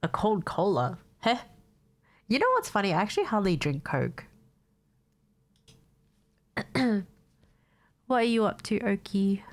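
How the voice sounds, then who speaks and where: A woman's voice: medium pitch, big pitch swings, moderate pace. A young woman with a stuffed-up nose from a cold, chatting casually to her stream viewers, swearing freely and laughing often. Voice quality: nasal, congested.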